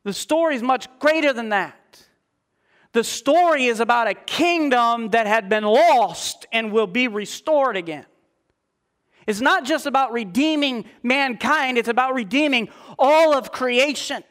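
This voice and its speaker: A male preacher delivering a sermon, emphatic and reading scripture aloud in a slower, lifted voice. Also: very high voice, expressive, a bit bright.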